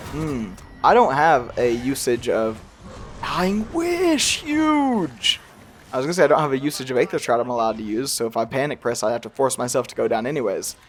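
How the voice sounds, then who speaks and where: A man's voice: mid-range voice, slight background noise. Rambling young man with a slight accent. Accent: slight regional accent he tries to hide. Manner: rambling, self-deprecating, laughs often. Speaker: gaming youtuber. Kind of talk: casual gameplay commentary.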